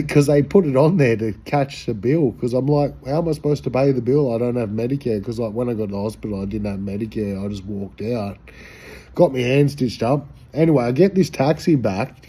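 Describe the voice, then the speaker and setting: A man's voice: fairly low pitch, dark tone, breathy edge. An Australian man telling a rambling, slangy, profane anecdote in a casual way. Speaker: storyteller.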